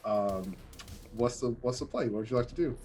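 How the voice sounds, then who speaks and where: A man's voice: mid-range voice, lively intonation, moderate pace, a little mellow, soft background music. A man narrating as game master, loose and full of fillers.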